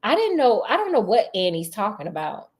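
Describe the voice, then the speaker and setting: A man's voice: sits high, wildly swooping pitch, fairly quick. A woman voicing a cocky, smart-mouthed teenage schoolboy in a storybook reading, talking flippant and brash.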